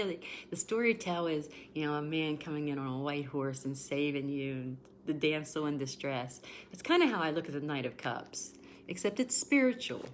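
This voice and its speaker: A low-pitched woman in her forties talks through a tarot reading on a livestream. She is emotional and repeats herself, and she breaks off to greet viewers by name. A faint hum of room ambience sits under her voice. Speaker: tarot reader.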